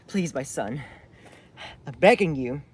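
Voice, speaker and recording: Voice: medium pitch, animated, unhurried, slightly rough. A speaker acting out an older noble mother who begs her son, pleading and sliding into wailing. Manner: pleading, rising into frantic wailing. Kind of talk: acted retelling of a TV scene.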